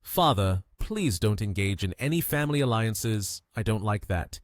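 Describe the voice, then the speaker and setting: A man's voice: on the low side, lively intonation, normal speed, no echo, clean studio sound, close to an everyday voice. A man voicing a carefree, cheerful young heir in a recap story. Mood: casual. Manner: cheerful, casual.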